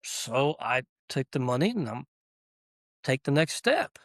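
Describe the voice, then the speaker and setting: A man who runs a small business, telling his story in a casual podcast interview, animated and chuckling as he acts out dialogue. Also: medium pitch, measured pace, dry recording, studio quality.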